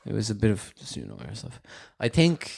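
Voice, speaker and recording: Man, slightly low voice, jokey, casual podcast chat. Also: wildly swooping pitch, normal speed, vocal fry, darkish tone, breathy edge. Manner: playful, jokey, swears casually. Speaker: podcast co-host.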